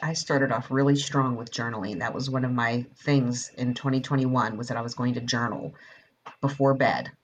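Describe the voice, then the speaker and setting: A woman co-hosting a casual chat, relaxed and quick to laugh. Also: rumbling low, far from the mic, slight background noise.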